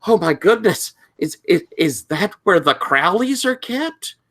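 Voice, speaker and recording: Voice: medium pitch, very animated, a little slow, fairly bright tone, pitched above the performer's own voice. A game master voicing a wide-eyed teenage male student with a put-on accent, telling a strange tale. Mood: excited.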